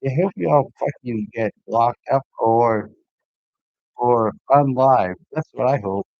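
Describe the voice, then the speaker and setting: Host in his 50s, slow-talking, husky and profane, dry muffled lo-fi sound. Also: mid-range voice, no room sound. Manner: profane, scornful, muttering. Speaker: reaction video host. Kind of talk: casual ranting commentary.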